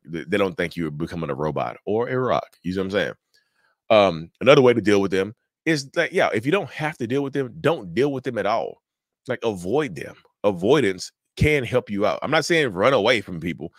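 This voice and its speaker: A man with a low voice talks casually to his viewers, circling back and repeating points in a conversational way. The sound is dry and close, with no room echo. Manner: conversational, repeats himself, addresses viewers as y'all. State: sleepy, yawning. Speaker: mental health channel host. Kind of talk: casual talk to camera.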